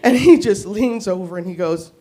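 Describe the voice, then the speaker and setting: A woman's voice: mid-range voice, normal speed, warm tone. A woman in her fifties doing stand-up, telling a story in a brash, profane way and laughing at her own lines. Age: 50s. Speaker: stand-up comic. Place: comedy club stage.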